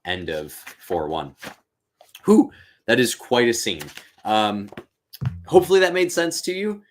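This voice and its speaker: A man's voice: medium pitch, animated, measured pace, slight background noise. A man hosting a live-streamed reading and commentary, talking casually and thinking aloud with fillers. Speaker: teacher and host.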